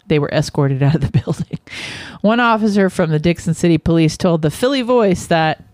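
A woman's voice: on the low side, animated, normal speed, a little mellow, dry recording, clean studio sound. A woman co-hosting a casual podcast, reading out an odd news story and laughing her way through it. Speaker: podcast co-host.

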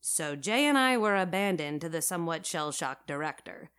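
A young woman narrating first-person audio fiction in a wry, casual, deadpan way. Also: sits low, fairly quick, hardly any pauses.

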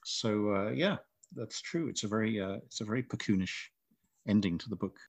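Middle-aged man, author being interviewed, low-leaning voice, reflective and meandering. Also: moderate pace, gravelly, no echo. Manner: thoughtful, rambling with frequent restarts. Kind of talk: casual interview chat.

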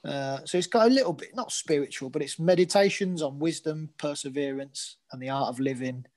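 A man's voice: on the high side, fairly quick, darkish tone. A man, a new dad and coach, talking casually with many fillers and restarts. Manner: rambling, hesitant, many fillers. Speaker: podcast co-host, coach. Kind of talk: casual chat.

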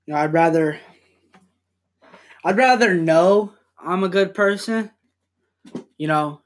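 A young man hosting a casual podcast from home, rambling and swearing as he talks in quick bursts. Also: high-pitched. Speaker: podcast host.

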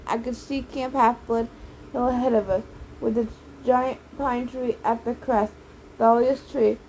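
A woman reads a story aloud with lively audiobook narration. Her voice sits high. A faint hiss runs underneath. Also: poor audio. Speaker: audiobook reader.

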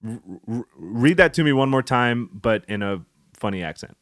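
A man's voice: medium pitch, lively intonation, moderate pace, a bit bright, dry recording. A man co-hosting a podcast, goofy and rambling, laughing often as he chats casually. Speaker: podcast co-host.

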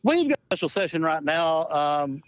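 A man's voice: a little high, sing-song, normal speed, no room sound, poor audio. Friendly, easygoing male phone-in guest. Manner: friendly, easygoing, hesitant with fillers. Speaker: state legislator calling in. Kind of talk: casual radio interview.

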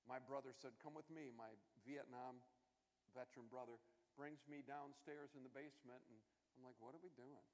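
A man preaching a sermon as a guest minister, rising loud and high on his main points and dropping quiet when he tells his own story. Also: steady tone, normal speed. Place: church. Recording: long church hall reverb.

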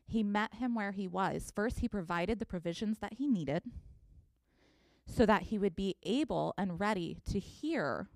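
A woman pastor in her thirties preaching a sermon, telling a scripture story with expressive reading. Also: mid-range voice, unhurried, vocal fry, no room sound, studio quality.

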